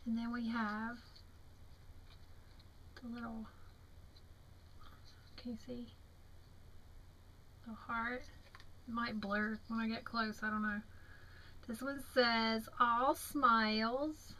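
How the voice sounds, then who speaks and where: A woman's voice: a little high, little pitch movement, fairly bright tone, slight background noise, poor audio. A young woman with a Southern American accent, tired, chatting admiringly as she shows off craft mail at home. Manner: chatty, admiring, slow and drawn-out. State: tired, yawning. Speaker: crafting vlogger. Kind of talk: casual show-and-tell of craft mail.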